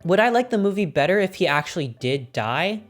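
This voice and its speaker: A woman streaming casually, ranking films with excited, swear-filled chat and frequent laughter. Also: fairly low pitch, a little fast, soft background music.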